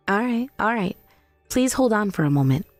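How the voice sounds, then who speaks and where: A woman voicing a calm, pointed young daughter-in-law in a text-message story drama. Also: medium pitch, moderate pace, no room sound, soft background music, natural voice. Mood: cutting. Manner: calm, cutting.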